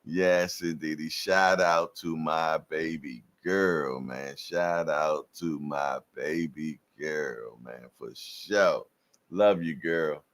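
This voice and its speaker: A man's voice: very deep voice, takes it slowly, fairly bright tone. A man in his fifties hosting a live stream, chatting casually with viewers in laid-back slang and laughing often. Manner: laughs often between lines.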